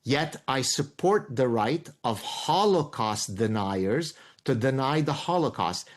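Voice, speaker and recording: Emphatic professorial man from Lebanon. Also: medium pitch. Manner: emphatic, professorial, explains with examples. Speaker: guest. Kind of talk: interview answers.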